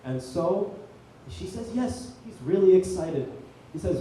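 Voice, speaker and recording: A man hosting a comedy night, telling a long deadpan shaggy-dog joke on stage. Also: fairly high pitch, moderate pace, hardly any pauses, a little hiss or hum. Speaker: comedy show host. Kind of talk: stand-up comedy set. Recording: echoey room from far off.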